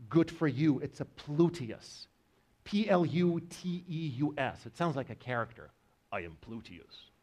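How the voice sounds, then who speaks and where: A man's voice: fairly high pitch, a little mellow. A man giving a university biology lecture, joking with his students as he explains. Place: lecture hall.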